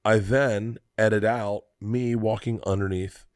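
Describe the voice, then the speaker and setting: A man in his forties telling a long story on a podcast, animated and profane, laughing through it. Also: lowish voice, measured pace, dry recording, clean studio sound. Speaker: podcast host. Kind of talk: casual storytelling chat.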